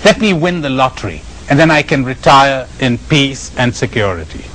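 A man's voice: medium pitch, big pitch swings, moderate pace, fairly bright tone, low-quality recording. An Indian-accented man voicing a pious old man who wheedles and bargains insistently with God. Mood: pleading.

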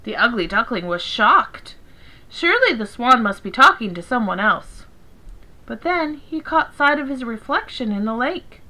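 A woman teacher reading a picture book aloud to children, in a gentle, expressive storytelling manner. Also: sits high, moderate pace, low-quality recording.

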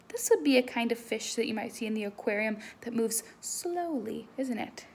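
A woman music teacher giving an animated lesson to young children, talking to them directly and expressively. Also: on the high side, unhurried, reverberant, a little hiss or hum.

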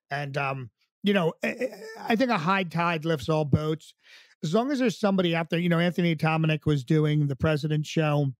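A man's voice: on the high side, dry recording, studio quality. Upbeat man telling stories on a video call. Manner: animated anecdote teller who acts out other people's lines. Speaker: guest, professional impersonator. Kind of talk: casual interview storytelling.

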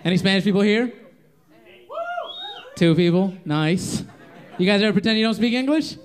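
A man's voice: high voice, normal speed. A young man doing a stand-up comedy set in a club, brashly teasing the audience and acting out characters. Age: young adult. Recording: live club audio with crowd laughter. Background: audience laughing.

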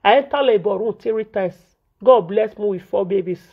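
A woman's voice: mid-range voice, normal speed, husky. A Nigerian woman vlogger, venting in Pidgin English and scolding repetitively in an indignant tone. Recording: dull lo-fi audio.

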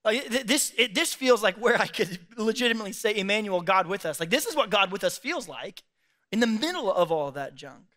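Pastor guy cracking jokes mid sermon, high bright voice, laughs a lot. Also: very animated. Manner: joking, acts out quick voices, laughs often. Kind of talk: comedic sermon. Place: church stage.

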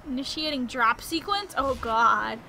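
A woman's voice: high-pitched, measured pace, creaky. A woman hosting a gaming channel, giving casual, jokey play-by-play commentary and yelping whenever she is in danger. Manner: excitable, jokey, yelps when in danger.

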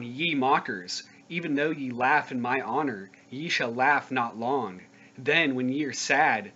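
A man giving a solemn scripture reading, slow, grave and declamatory. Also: mid-range voice, fairly bright tone. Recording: dull lo-fi recording with faint noise.

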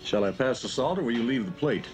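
An actor playing a smooth-talking, evasive team executive and scout, in a 1970s TV drama. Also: male voice, medium pitch, expressive, fast talker, music in the background, natural voice. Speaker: team manager and talent scout.

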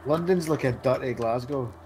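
A man's voice: mid-range voice, moderate pace, a crowd in the background. A man playing a co-op game with friends, chatting casually and teasing them with dry jokes. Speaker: co-op player. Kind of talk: casual gaming chat.

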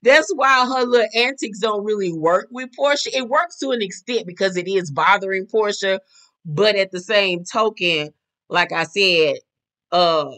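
Sassy, animated woman recapping TV. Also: mid-range voice, moderate pace. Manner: sassy and animated, full of slang. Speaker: reality TV recap host. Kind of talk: casual recap commentary.

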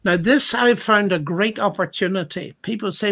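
A man's voice: sits high, normal speed, creaky, hardly any pauses, bright, forceful tone. A man speaking as a Christian apologist in a thoughtful discussion, reflective and retelling stories with acted-out quotes.

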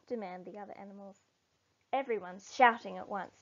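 A woman reading a children's picture book aloud in an expressive storytelling manner. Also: medium pitch, moderate pace, gravelly. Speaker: storybook reader. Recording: dull lo-fi recording.

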